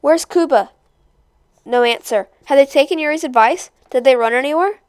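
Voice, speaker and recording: A woman reading a novel aloud chapter by chapter, in a steady, measured storytelling voice. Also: sits high, dry recording. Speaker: storybook reader.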